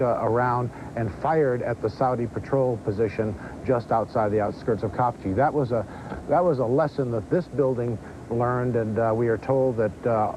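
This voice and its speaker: Brief: male field correspondent, halting and hesitant, noisy outdoor feed with engine sounds. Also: medium pitch. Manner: halting, many uh fillers. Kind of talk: live news report.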